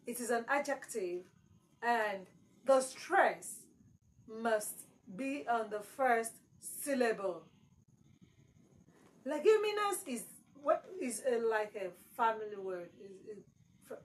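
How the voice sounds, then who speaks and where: A woman's voice: on the high side, animated, slow, low-quality recording. A woman teaching exam prep, repeating key words with strong emphasis. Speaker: English teacher.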